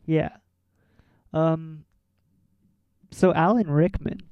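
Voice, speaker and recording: A man co-hosting a casual chat about a film, relaxed and full of fillers like "like" and "um.". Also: fairly high pitch, drawn-out words, clean tone, dry recording, muffled recording. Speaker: podcast co-host.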